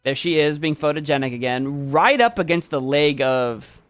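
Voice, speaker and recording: A man's voice: fairly high pitch, normal speed, soft background music. A man hosting a stream, casually and playfully commenting on viewers' pet photos and laughing often. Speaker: streamer host.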